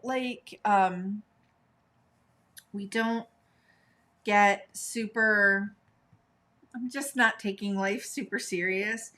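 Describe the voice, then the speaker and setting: A woman's voice: medium pitch, fairly bright tone. Chatty woman hosting a craft livestream. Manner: chatty, upbeat, breaks into sing-song. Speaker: craft tutorial host. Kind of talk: live-stream craft demo, chatty.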